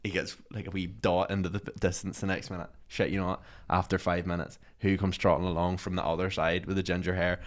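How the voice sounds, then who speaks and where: A man's voice: quick pace, hardly any pauses. A young man, telling a story on a casual podcast and acting out the quotes. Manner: animated, acts out quotes with big jumps in pitch and volume. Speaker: podcast host.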